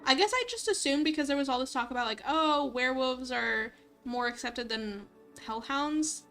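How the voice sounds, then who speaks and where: A young woman with a high, lively voice reads a story game aloud for her viewers. In the pauses she rambles in a bubbly, giggly way. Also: faint music behind. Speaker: streamer. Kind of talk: reading a visual novel aloud with commentary.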